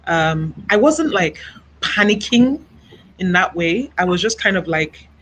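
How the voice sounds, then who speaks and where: A woman from Nigeria telling her personal story as an interview guest over a video call, speaking softly and haltingly with many pauses and fillers. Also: fairly low pitch, expressive, slight background noise, poor audio. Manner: soft-spoken, halting, reflective, many "you know" fillers.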